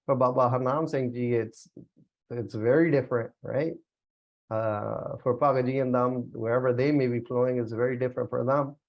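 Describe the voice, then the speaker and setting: A man's voice: mid-range voice, moderate pace, creaky, lo-fi sound. A young man leading a casual religious study class, talking loosely with lots of fillers and easy laughs. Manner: relaxed, chatty, many fillers and laughs. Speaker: Gurbani class teacher. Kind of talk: casual spiritual class talk.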